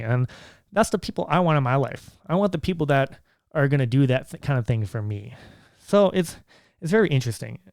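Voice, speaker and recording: A man's voice: mid-range voice, a little mellow, clear, resonant tone, no echo, clean studio sound. A man, a single father, telling a personal story to the camera in an earnest, reflective way that halts and restarts as he goes.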